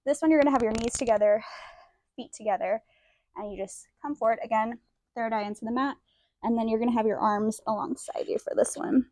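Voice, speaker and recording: Young woman, yoga teacher, casual and self-deprecating, slightly high voice, dry close sound, a bit breathless. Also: a little fast, darkish tone, no room sound. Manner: chatty, self-deprecating, demonstrating poses while talking. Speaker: yoga instructor. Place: indoor room, yoga mat.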